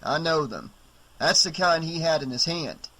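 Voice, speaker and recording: A man's voice: a little high, expressive, moderate pace, pushed and bright, poor audio. A man reading an audiobook, voicing a tired, kindly middle-aged male doctor who talks plainly and reluctantly. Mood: weary.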